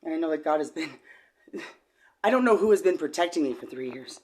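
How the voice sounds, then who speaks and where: Brief: middle-aged woman, lowish voice, emotional testimony, stumbling and repeating words. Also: expressive. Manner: rambling, halting, with many repeated words; shifts from low and quiet to loud and high when agitated. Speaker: vlogger.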